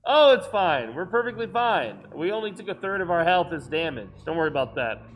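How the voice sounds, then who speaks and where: A man chatting casually while playing a game with a friend, making teasing deadpan jokes. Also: high-pitched, a little fast. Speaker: co-player, veteran gamer. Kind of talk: casual gaming chat.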